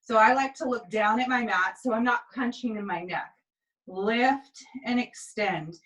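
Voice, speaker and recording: A tired woman instructor calmly cueing pilates moves and counting through the reps, recorded on a camera mic a few steps away in an indoor studio. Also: fairly high pitch, brisk, recorded from a distance, poor audio. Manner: calm step-by-step cueing with counts. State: tired, yawning. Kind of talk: guided exercise instruction. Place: indoor exercise space.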